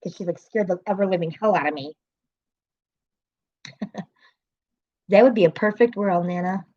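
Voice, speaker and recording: A woman's voice: medium pitch, moderate pace, warm tone, muffled recording. A woman hosting her own livestream in casual chat, rambling, laughing often and swearing freely. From American city. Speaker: livestream host.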